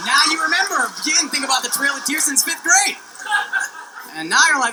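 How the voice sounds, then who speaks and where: A man's voice: extremely high pitch, expressive, brisk. Brash profane male stand-up comic. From United States. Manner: brash, profane, mocking punchlines. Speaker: stand-up comedian. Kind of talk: stand-up comedy set. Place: comedy club stage with laughing audience. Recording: loud noisy stand-up special audio.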